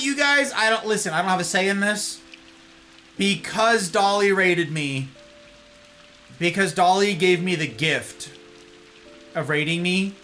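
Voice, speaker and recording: A man's voice: sits high, animated, normal speed, long pauses, bright, forceful tone, faint music behind. A man casually commentating a video game live, playful and chatty, greeting his viewers. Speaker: game streamer.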